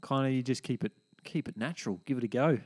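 A man's voice: mid-range voice, quick pace, a little mellow, slightly rough. An Australian man co-hosting a casual chat, easygoing and reassuring. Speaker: podcast co-host.

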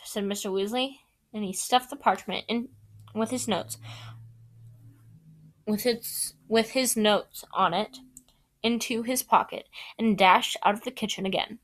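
A woman's voice: medium pitch, measured pace, pauses often. A woman reading a novel aloud in a casual, unpolished way, correcting her own slips. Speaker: audiobook reader.

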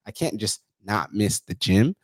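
A man's voice: lowish voice, big pitch swings, unhurried, husky, no room sound, studio quality. A man hosting a podcast, talking in a casual, rambling way full of swearing and fillers like "you know.". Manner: profane, rambling, says "you know" and "like" a lot. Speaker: podcast host. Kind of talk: casual conversation.

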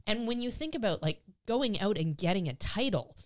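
A woman's voice: medium pitch, expressive, brisk. A woman hosting a casual dog training podcast, talking with enthusiasm, often restarting her sentences, her voice quivering with emotion. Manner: enthusiastic, emotional, repeats words when starting sentences. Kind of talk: casual chat.

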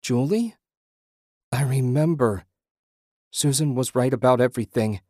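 A man's voice: on the low side, measured pace, a little mellow, slightly rough, dry recording, clean studio sound. A man voicing a desperate injured man who pleads and cries out in anguish. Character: injured desperate middle-aged man, panicked.

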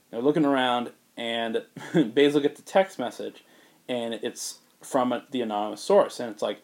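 A man on a podcast telling a story in casual chat, rambling with fillers and putting on quick voices for the characters. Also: medium pitch, steady tone. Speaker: podcast co-host pitching a movie.

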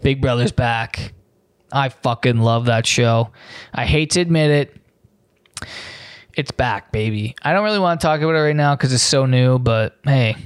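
A man's voice: medium pitch, a little slow, smooth, no room sound, clean studio sound. A young man hosting a solo comedy podcast, ranting in a sarcastic, profane, rambling way.

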